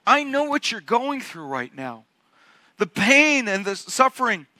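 A man voicing God as a gentle, all-powerful presence who speaks in a hushed, tender whisper to a weary prophet. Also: very high voice, big pitch swings, a little slow, no echo, voice pushed up, exaggerated voice. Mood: reassuring.

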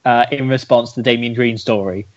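A man co-hosting a podcast in casual, sarcastic banter. His voice sits at a medium pitch. The recording sounds a little dull and lo-fi. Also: steady tone, brisk. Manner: joking, sarcastic. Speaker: podcast co-host.

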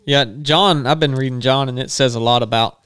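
A man's voice: medium pitch, brisk, fairly bright tone, clear, resonant tone, dry recording, studio quality. Thoughtful man reasoning through scripture. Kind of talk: casual faith discussion.

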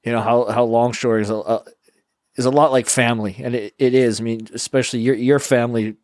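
A man who hosts a podcast, talking in a relaxed, rambling way with fillers. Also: medium pitch, fairly quick, no room sound, studio quality. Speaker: podcast host. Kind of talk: casual interview talk.

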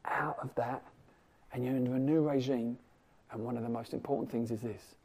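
A man preaching a sermon, animated, swinging from loud emphasis to hushed asides. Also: mid-range voice, moderate pace, creaky, breathy edge.

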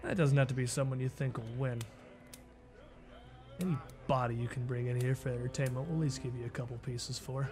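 A man voicing a curt, gravelly woman who runs a criminal guild in a tabletop game, speaking low and businesslike. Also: fairly quick, faint music behind, close to an everyday voice. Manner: terse and businesslike, low and hushed. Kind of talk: tabletop role-play character voice.

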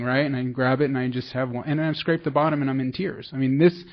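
A man's voice: medium pitch, flat delivery, quick pace, highs cut off. A man from the San Francisco Bay Area telling his recovery story in a rambling, self-deprecating way, with many restarts. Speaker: recovery meeting speaker. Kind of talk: personal testimony.

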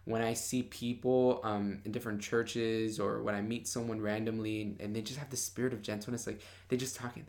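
A man's voice: lowish voice, level tone, fairly quick, hardly any pauses, darkish tone. A young man, a Bible study podcaster, talking about faith in a casual, passionate and bold way, full of "like" fillers. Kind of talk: casual devotional podcast talk.

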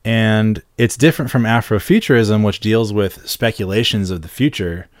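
A man with a deep, low voice explains things at an even, measured pace on a casual podcast, dropping in "um" and "like" as he goes. The sound is dry and close, with no room around it. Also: dry recording. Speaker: podcast co-host.

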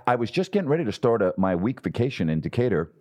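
A middle-aged man tells stories from his broadcasting career in a fairly low voice. He talks with animation and slips into the voices of people he quotes. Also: quick pace. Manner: animated storyteller, acts out quotes. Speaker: guest, sports broadcaster. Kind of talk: storytelling in a podcast interview.

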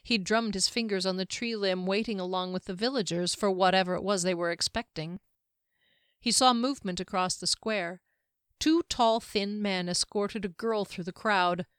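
Lady reading a fantasy book out loud, smooth clear voice, dry close sound. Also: mid-range voice, moderate pace, no room sound. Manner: steady, even storytelling delivery. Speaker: audiobook narrator. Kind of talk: scripted fantasy narration.

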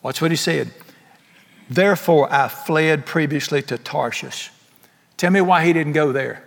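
A man preaching a sermon as pastor, animated and joking, with lots of rhetorical questions. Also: fairly high pitch, unhurried, gravelly. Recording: long hall reverb.

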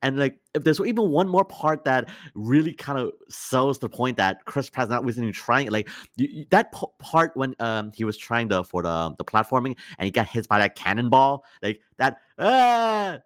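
A man's voice: mid-range voice, big pitch swings, normal speed, hardly any pauses, a bit bright, no echo. A young man co-hosting a podcast, rambling with lots of fillers and emphatic complaints. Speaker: podcast co-host. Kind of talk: casual podcast chat.

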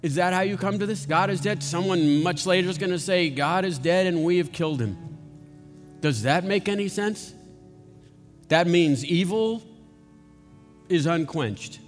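A man preaching a sermon slowly and dramatically, building to intense questions. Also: high-pitched, big-room sound, faint music behind.

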